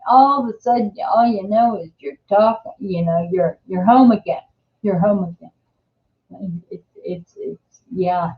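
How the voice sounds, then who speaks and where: An older woman with a New Jersey accent hosting a casual live-stream chat, rambling and chatty with many restarts. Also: a little high. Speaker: host. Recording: echoey room, dull lo-fi sound.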